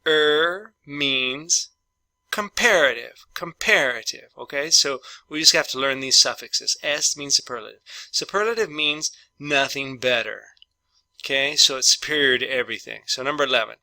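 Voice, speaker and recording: A middle-aged man teaching an English grammar lesson, explaining in English, switching into Spanish for translations, and repeating each example sentence slowly. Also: medium pitch, sharp tone, dry recording.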